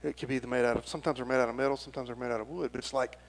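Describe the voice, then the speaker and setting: A man's voice: medium pitch, steady tone, racing, poor audio. A middle-aged man, preaching a folksy, rambling and earnest sermon as pastor.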